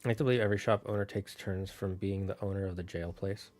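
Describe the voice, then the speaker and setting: A man thinking aloud on a casual solo stream, building out a fantasy town with halting, restarting speech. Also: deep voice, fairly even intonation, a little mellow.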